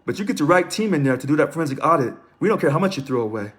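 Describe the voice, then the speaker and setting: Man chatting live with lively pitch. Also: racing. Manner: conversational, reads aloud and comments, greets viewers, chuckles. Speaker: livestream host. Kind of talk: casual live stream talk.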